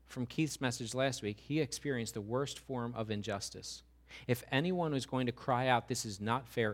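A pastor with a mid-range voice delivers an animated sermon. He frequently acts out the voices he quotes and builds up to loud, rising questions.

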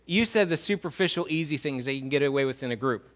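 A man preaching a sermon in a church, swinging between loud emphasis and quiet low lines and drawing answers from the congregation. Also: lively intonation, quick pace. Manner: asks the congregation questions and writes on a whiteboard. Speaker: pastor.

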